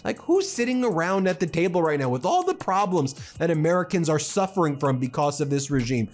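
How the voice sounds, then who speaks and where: A man's voice: a little high, sing-song, a little fast. Male political commentator, indignant and impassioned, faint music behind.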